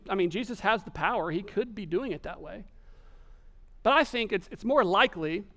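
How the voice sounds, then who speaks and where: A man preaching a sermon, telling the story with animated delivery and acted-out quotes. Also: sits high. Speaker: pastor.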